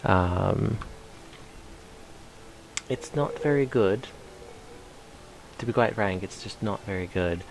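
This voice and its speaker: A man's voice: fairly low pitch, slow pace, vocal fry, pauses often, noisy background. Playful man streaming a game. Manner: chatty and playful, reads game text aloud in put-on voices. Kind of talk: casual live-stream commentary.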